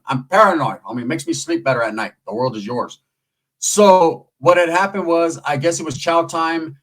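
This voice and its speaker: A male channel host with a slightly high voice, telling a story in a casual, slangy way. He talks playfully, with rhythmic riffs and asides. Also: a bit bright, rough recording.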